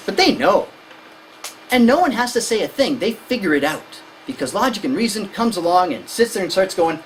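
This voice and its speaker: Animated woman lecturing parents. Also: normal speed, slight background noise, poor audio. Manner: animated, acts out kids and parents in high voices. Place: lecture hall.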